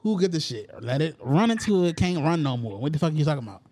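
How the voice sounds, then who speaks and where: A man's voice: on the high side, expressive, fast, mellow. A young adult man hosting a casual talk show, telling stories in a profane, exasperated way. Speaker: podcast host. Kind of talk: casual chat.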